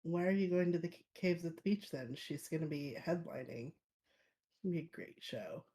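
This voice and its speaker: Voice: mid-range voice, normal speed, warm tone, slight background noise. A tabletop player who voices their character with teasing, prodding questions. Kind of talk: casual tabletop role-play.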